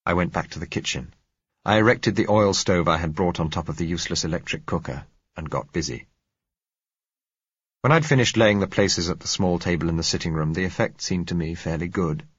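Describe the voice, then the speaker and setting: A man narrating a novel in first person, in a measured, reflective way. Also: deep voice, breathy edge, dry recording, lo-fi sound. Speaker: audiobook narrator.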